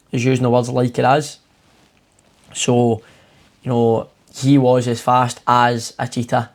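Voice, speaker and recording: A man's voice: medium pitch, darkish tone. Casual male tutor explaining exam answers. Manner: informal, rambling explanations with fillers. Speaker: English tutor. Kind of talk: exam walkthrough lesson.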